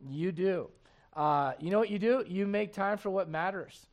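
High-voiced man preaching a sermon. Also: normal speed, muffled recording. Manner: conversational, jokes with the congregation and reads scripture aloud. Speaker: pastor.

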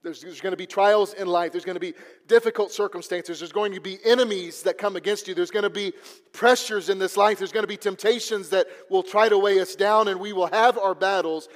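High-voiced preacher in a reverberant hall. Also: male voice, fairly even intonation, fairly quick. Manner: storytelling preacher with repeated restarts. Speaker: pastor. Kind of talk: sermon. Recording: long reverb of a large hall.

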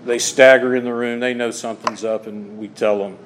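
A man's voice: medium pitch, little pitch movement, a little fast, slight background noise. Male pastor preaching in echoing hall. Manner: storytelling, dropping soft then rising emphatic. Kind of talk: sermon. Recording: long hall reverb.

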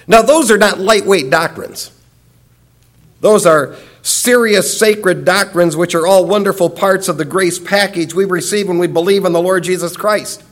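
High-voiced man preaching earnestly. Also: normal speed. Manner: earnest, emphatic teaching with repeated phrases. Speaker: pastor. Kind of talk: sermon.

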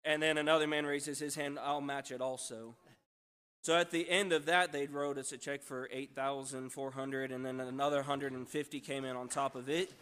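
A man's voice: mid-range voice, fairly even intonation, normal speed, a bit bright, clear, resonant tone. A man, a missionary, telling a church testimony in a storytelling way, breaking off and restarting often and praising God as he goes. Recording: long church hall reverb.

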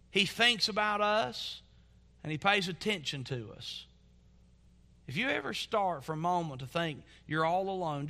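A man preaching a sermon in a church as pastor, earnest and building to fervent emphasis, then dropping to soft asides. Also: on the high side.

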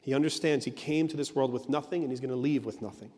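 A man's voice: mid-range voice, quick pace, dark tone, in a large hall. A man preaching an earnest sermon as a pastor, leaning on emphatic repetition.

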